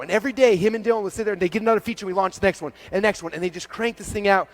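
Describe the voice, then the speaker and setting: A man in his forties giving an energetic keynote talk on a conference stage, acting out dialogue in quick quotes and peppering his speech with "like.". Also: high-pitched. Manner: animated, acts out dialogue in quick quotes, frequent "like". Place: large event stage before a live audience.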